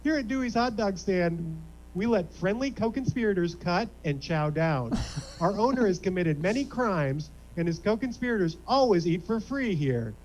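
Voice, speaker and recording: A man voicing a chirpy fast-food cashier who recites customer-service patter. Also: sits high, lively intonation, darkish tone, lo-fi sound, slight background noise. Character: cheerful male hot dog stand cashier.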